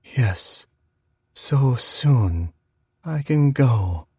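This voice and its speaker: A man's voice: mid-range voice, animated, very slow, mellow, breathy edge, dry recording, full character voice. A man voicing a sad, wailing male ghost who shrieks in accusation and later drops to a dry whisper, for an audiobook. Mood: whispery. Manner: repeats one word in accusing shrieks.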